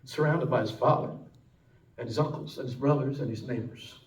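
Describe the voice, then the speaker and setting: Dramatic preacher in an echoey church. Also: male voice, a little fast, distant mic. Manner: dramatic, swinging from loud, high and emphatic to low and hushed. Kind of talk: sermon storytelling. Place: church sanctuary.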